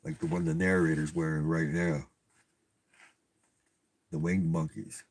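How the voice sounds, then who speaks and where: A man's voice: rumbling low, level tone, unhurried, pauses often, a little mellow, no room sound. A man reading a storybook aloud and breaking off for profane, incredulous comic commentary. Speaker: reader and commentator. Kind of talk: comedic read-aloud with commentary.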